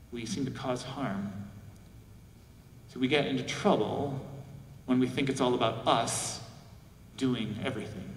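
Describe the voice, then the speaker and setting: A male pastor preaching a sermon, reflective, with rhetorical questions. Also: medium pitch. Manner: reflective, asks rhetorical questions, acts out quoted voices. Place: large church sanctuary. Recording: echoey church hall from far off.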